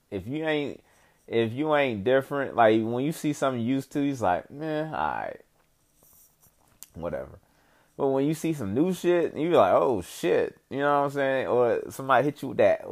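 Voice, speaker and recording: A man's voice: medium pitch, darkish tone. A young man rambling casually about his life, swearing often and leaning on slang and "you know what I'm saying.". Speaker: vlogger giving life updates. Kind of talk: casual profane monologue.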